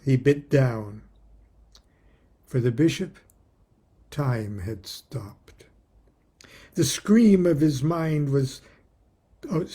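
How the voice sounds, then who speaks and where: A man's voice: fairly high pitch, warm tone, slightly rough. A man reading his own book aloud, a wry, chuckling storyteller who breaks off into personal asides.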